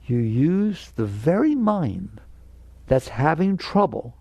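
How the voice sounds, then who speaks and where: An older man with a gravelly voice gives a spiritual talk, direct and emphatic. His tone is dark and mellow, and the recording is dry and close. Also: on the high side, sing-song, slow pace, dry recording. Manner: emphatic, direct, acts out inner voices in quotes. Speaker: spiritual teacher.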